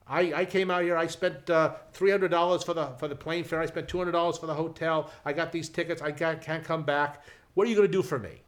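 A man acting out a furious, stranded male theatergoer who yells indignantly. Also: a little high, fairly even intonation, brisk, pitched above the performer's own voice, lightly acted. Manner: shouting, indignant.

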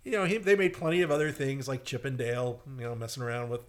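A man in casual conversation, telling old cartoon plots with lively energy. His voice sits at an ordinary middle pitch. He breaks into squeaky little character voices now and then. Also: quick pace. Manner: animated storyteller, acts out squeaky cartoon voices in quotes. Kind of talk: casual chat.

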